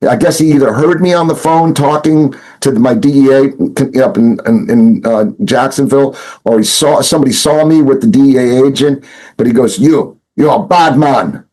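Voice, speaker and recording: A former smuggler turned informant recounts his story in a casual interview, his medium-pitched, dark voice moving at a moderate pace. He rambles, restarts often, leans on fillers, and acts out others' words. The recording is low quality.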